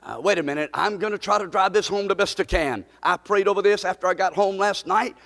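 A man's voice: high-pitched, brisk, fairly bright tone, big-room sound. A man preaching a Bible study sermon, drawing the congregation into call-and-response and building to emphatic, repeated questions. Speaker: pastor.

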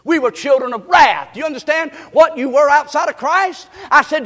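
Male pastor, very high-pitched, energetic sermon delivery with sudden shouts, long hall reverb. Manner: preaches fast, swings from loud shouts to soft asides.

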